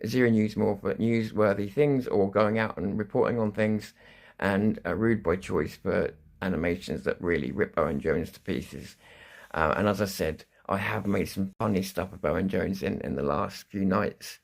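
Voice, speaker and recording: A man's voice: deep voice, normal speed, vocal fry. A man hosting a live stream, talking in a rambling way, restarting sentences and swearing freely. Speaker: livestream news host. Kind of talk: casual live-stream monologue.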